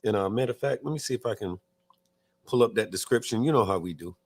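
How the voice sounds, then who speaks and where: A man's voice: on the low side, quick pace, darkish tone, husky. A man co-hosting a live online biker talk show, chatting loosely, reading viewer comments aloud and cursing casually. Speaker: podcast co-host. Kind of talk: casual live-stream chat.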